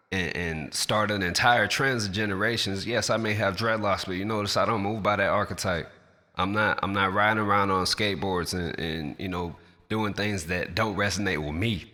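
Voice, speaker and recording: Forceful deep-voiced rapper ranting. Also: male voice, big-room sound. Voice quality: naturally deep everyday voice. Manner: passionate, blunt and profane. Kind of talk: direct-to-camera rant.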